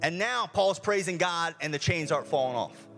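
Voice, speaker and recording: A man's voice: fairly high pitch, expressive, normal speed, a bit bright, faint music behind. A male pastor preaching a sermon in a church, earnest and repetitive, often restarting his phrases. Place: church sanctuary.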